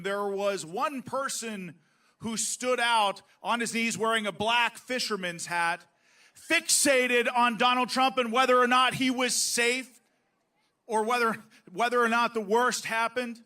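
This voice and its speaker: A man with a very high, forceful voice emcees an outdoor political rally. He introduces speakers into a stage microphone and shouts to pump up the crowd. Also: recorded from a distance.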